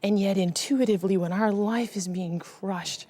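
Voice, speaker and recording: A middle-aged woman giving an earnest, emotional personal testimony, her voice sinking to a hushed whisper at the painful moments. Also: medium pitch, normal speed, few pauses, no room sound. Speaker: guest sharing her testimony.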